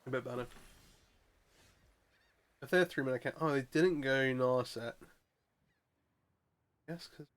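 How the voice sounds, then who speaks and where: A man talks through his card game match as he plays. He mutters half-finished thoughts, repeats words and restarts sentences. His pitch sits at an ordinary middle level for a man. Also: measured pace, pauses often. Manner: thinking aloud, mumbling, frequent restarts. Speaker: streamer playing a card game. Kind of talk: casual gameplay commentary.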